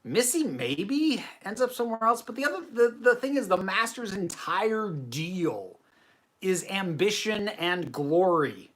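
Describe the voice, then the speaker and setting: A man's voice: high voice, big pitch swings, a little slow, a bit bright. A man hosting a casual livestream. He chats and answers viewer comments in a self-deprecating way. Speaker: host.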